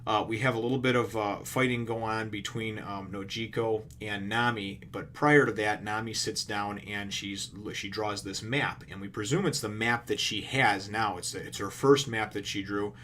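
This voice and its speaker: A manga reviewer's voice, on the low side and steady in tone, comes across pushed and bright over slight background noise. He rambles through a casual chapter recap full of fillers and the odd curse, quickly paraphrasing characters' lines as he acts them out.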